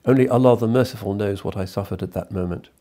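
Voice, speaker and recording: Man reading as a broken, pleading young woman, voice stays deep. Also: fast, warm tone, natural voice. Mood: despairing. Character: despairing young woman, a captive daughter.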